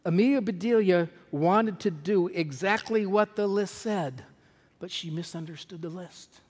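A male pastor preaching in a church sanctuary, reading a storybook aloud and then reflecting on it. His voice sits a little high for a man, and his delivery is measured and earnest. A long hall reverb hangs on every phrase.

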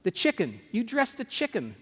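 A fussy, exasperated storybook housewife, as a man puts her on in a high, shrill voice. She exclaims and frets over every mishap. A long hall reverb rings behind her. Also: wildly swooping pitch, normal speed, a bit bright, full character voice. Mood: flustered. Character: fussy, flustered lady of the house.

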